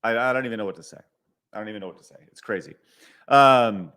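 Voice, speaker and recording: A middle-aged man hosts a live stream, reading super chats from viewers and ranting in exasperation while he repeats himself, trips over words and swears, often stuttering and restarting. He's a podcast host with a lowish, resonant voice that is fast, clear and fairly bright.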